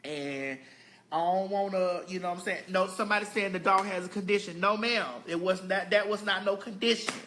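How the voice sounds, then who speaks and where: A woman vlogger telling a story at home in a casual, emphatic and animated way. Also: medium pitch, brisk, slight background noise. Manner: emphatic and animated, often addressing viewers as "girl". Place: home, indoors.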